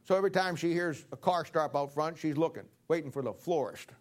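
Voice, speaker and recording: A man's voice: a little high, a little fast. A man preaching a sermon in a folksy, joking way, acting out little everyday scenes. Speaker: pastor.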